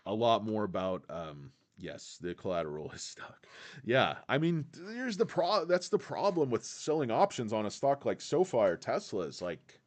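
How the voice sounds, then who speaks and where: A man hosting a casual livestream, rambling in a laid-back way, answering chat and peppering his talk with "guys.". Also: lowish voice. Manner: quotes film lines in put-on voices. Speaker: livestream host reading chat.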